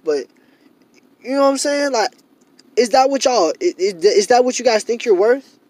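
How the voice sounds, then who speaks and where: A man's voice: high-pitched, measured pace, a little mellow, dry recording. A young man in a casual monologue to camera, rambling and repeating himself with many fillers, growing heated and emphatic. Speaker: vlogger.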